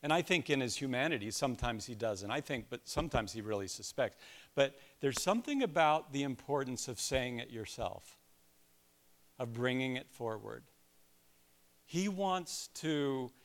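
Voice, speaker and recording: An older man preaching a sermon in a conversational way, with self-deprecating asides and personal stories. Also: mid-range voice. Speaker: pastor.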